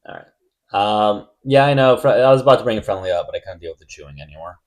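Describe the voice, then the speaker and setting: A man hosting a live stream debate, blunt and testy, quick to cut callers off. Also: on the low side, animated.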